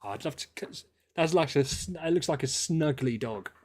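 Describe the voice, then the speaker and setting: Young streamer, slightly higher voice, heated rants, swears a lot. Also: male voice, moderate pace, breathy edge, faint music behind. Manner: ranting, animated, swears freely. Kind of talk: casual livestream chat.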